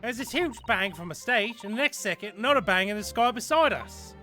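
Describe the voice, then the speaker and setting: A man voicing an old-sounding male witness in a game dub, with a put-on American Southern accent and a slow drawl. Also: high voice, expressive, bright, forceful tone, faint music behind, voice pushed up. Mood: dramatic.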